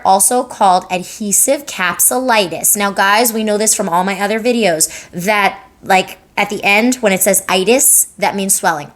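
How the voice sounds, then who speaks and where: A young adult woman giving a casual, chatty lesson as a massage therapist, demonstrating and talking with lots of fillers. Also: on the low side. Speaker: lymphatic drainage massage therapist. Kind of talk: casual educational explainer.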